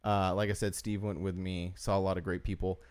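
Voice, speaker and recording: A man's voice: deep voice, level tone, a little fast, darkish tone, clear, resonant tone. Rambling man telling stories. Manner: rambling storyteller, heavy use of "like". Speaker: podcast co-host. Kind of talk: casual chat.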